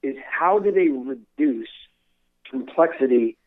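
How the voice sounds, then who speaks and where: Slow-paced and lively in intonation, a former military instructor with a mid-range voice recounts his career in a conversational interview. He's earnest and often starts his words over, and the audio is narrow and tinny.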